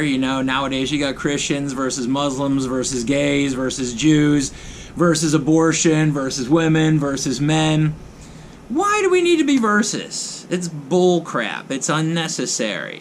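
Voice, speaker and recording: A man's voice: mid-range voice, slight background noise. A man hosting his own vlog, ranting in blunt, mocking commentary and hammering phrases over and over. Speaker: vlogger host.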